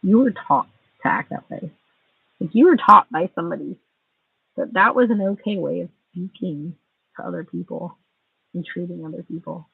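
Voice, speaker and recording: A woman's voice: fairly low pitch, normal speed, gravelly, slightly rough, no echo. A woman in her forties, venting angrily and bitterly on a livestream, sarcastic and full of swearing. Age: 40s. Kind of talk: angry venting monologue. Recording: tinny distant phone mic.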